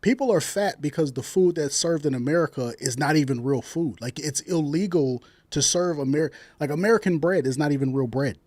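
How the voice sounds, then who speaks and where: A man's voice: a little high, a little fast, few pauses, a little mellow, no room sound. A man from Jamaica arguing in a heated casual debate, blunt and crude, laughing at his own jokes.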